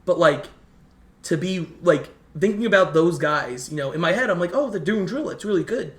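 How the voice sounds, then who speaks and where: A young man in casual chat, telling a long story in an animated way and acting out what others said. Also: sits high. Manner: animated, fast storyteller who acts out quotes. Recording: roomy echo.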